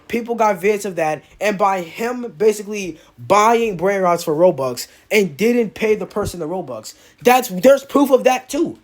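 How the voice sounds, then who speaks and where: A young man giving an exposé commentary, heated and often stumbling over his words. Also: sits high. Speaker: YouTuber.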